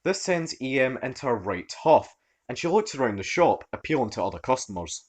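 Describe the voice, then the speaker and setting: A man narrating online stories in an animated, expressive storytelling manner. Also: medium pitch, normal speed.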